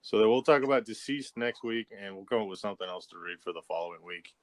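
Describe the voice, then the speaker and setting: A man co-hosting a casual podcast, relaxed and rambling, laughing often. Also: fairly low pitch, fast. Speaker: podcast co-host. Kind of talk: casual chat.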